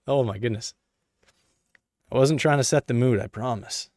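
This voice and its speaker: A man's voice: medium pitch, moderate pace, a little mellow, dry recording, studio quality. A man giving casual, playful running commentary while he works, joking with viewers and talking to himself. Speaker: PC hardware video creator.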